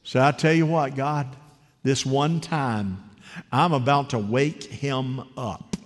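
A man's voice: medium pitch, slow pace. A man preaching a conversational, story-driven sermon who keeps asking the congregation questions. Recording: long hall reverb.

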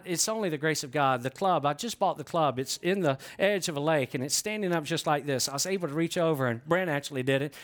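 A middle-aged man preaching, telling an animated, self-deprecating story and asking the congregation questions. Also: a little high. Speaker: pastor. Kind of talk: storytelling sermon. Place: church before a congregation.

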